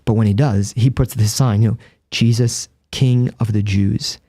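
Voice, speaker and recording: Earnest man with a mellow voice. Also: lowish voice, steady tone, normal speed, dry recording, studio quality. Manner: earnest, vivid storytelling. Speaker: Catholic priest, guest. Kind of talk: conversational explanation.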